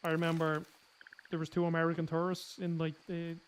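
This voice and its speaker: High-voiced Dublin man, rambling chat. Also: completely flat delivery, fairly quick, a little hiss or hum. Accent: Dublin Irish. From Ireland. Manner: rambling, filler-heavy, often restarts and corrects himself. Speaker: gaming YouTuber. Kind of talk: casual chat.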